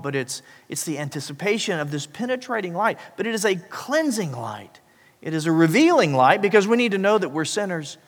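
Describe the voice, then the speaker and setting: A man preaching a sermon as pastor, swinging from loud emphatic passages to hushed, low, slow lines. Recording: long hall reverb.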